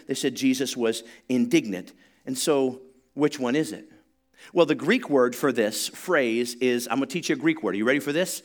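A man preaching to his congregation in a relaxed, conversational teaching voice. He leads the room in call-and-response, then presses his points with rising pitch and force. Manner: conversational teaching that builds to loud, high-pitched emphasis. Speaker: pastor. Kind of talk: sermon.

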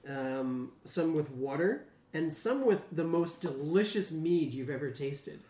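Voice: medium pitch, lively intonation, measured pace, mellow. Hesitant game master in a roomy echo. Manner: hesitant, many ums. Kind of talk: narrating a tabletop game.

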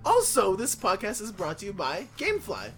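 A man's voice: high-pitched, huge pitch swings, normal speed, fairly bright tone, faint music behind. A man hosting a casual podcast, reading the sponsor ads in a goofy, jokey way and stumbling over web addresses. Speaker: podcast host.

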